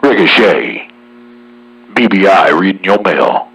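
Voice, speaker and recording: A man in the US Northwest hosting a relaxed CB radio chat, with folksy banter. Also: low-pitched, takes it slowly, gravelly, recorded from a distance, slight background noise, poor audio. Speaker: CB radio operator and channel host.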